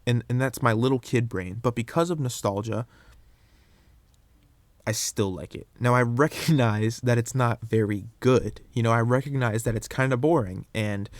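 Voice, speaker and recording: A young man hosting a solo podcast, rambling through his opinions in a casual, animated way with frequent restarts. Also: mid-range voice, moderate pace, no room sound. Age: young adult. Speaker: podcast host.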